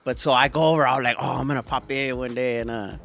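A man's voice: mid-range voice, level tone, quick pace, vocal fry, a bit bright. A man guesting on a comedy podcast, laid-back and swearing as he tells a story in casual chat.

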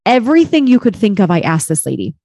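A woman's voice: medium pitch, very animated, quick pace, mellow, no room sound, clean studio sound. A woman in her thirties telling a personal story in casual chat, candid and chatty, with lots of "like" and some swearing.

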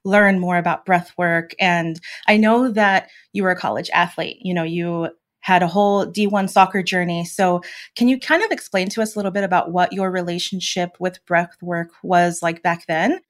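A woman's voice: fairly low pitch, moderate pace. A woman hosting an interview, asking questions in a conversational, hedging way. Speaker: podcast host.

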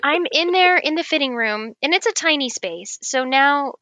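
A woman telling a long personal story in casual chat, animated, laughing often and acting out what people said. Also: high voice, moderate pace, no room sound. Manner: animated, laughs often, acts out quoted lines. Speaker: guest.

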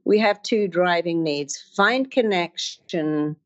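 In a lo-fi recording, a middle-aged woman speaks slowly and with animation in a forceful motivational talk. While explaining, she voices her inner thoughts as characters, her pitch swinging widely.

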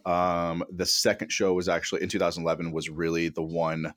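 A man's voice: deep voice, monotone, a little fast, fairly bright tone, no room sound, clean studio sound. A man guesting on a podcast, telling rambling, profane stories in casual chat.

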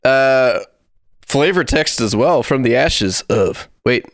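A man's voice: medium pitch, expressive, slow. A man co-hosting a podcast, talking through game cards casually and reading flavor text with mock drama. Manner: talkative, reads card text with mock drama. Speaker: podcast co-host. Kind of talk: casual chat.

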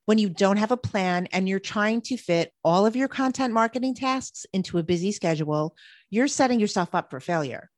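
A woman's voice: mid-range voice, animated, normal speed, no room sound. A woman co-hosting a marketing podcast, reading prepared points in an upbeat way. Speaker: podcast co-host. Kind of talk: scripted podcast chat.

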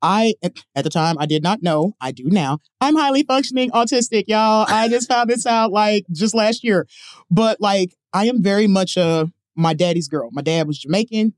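A woman's voice: medium pitch, normal speed, no room sound, studio quality. A woman in her forties, a guest on a casual podcast, telling brash, profane stories. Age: 40s. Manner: brash, profane, animated storyteller. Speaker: guest, professional dominatrix. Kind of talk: casual podcast chat, storytelling.

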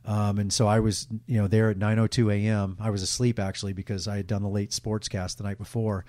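A middle-aged sportscaster telling emotional, candid stories in a casual interview, rambling with restarts. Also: male voice, on the low side, flat delivery, fairly quick, a little mellow, no echo. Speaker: guest, sportscaster.

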